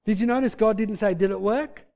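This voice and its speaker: Expressive male preacher, mellow voice. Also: fairly quick, creaky. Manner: expressive, swings between loud emphatic bursts and quiet low asides. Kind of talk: sermon.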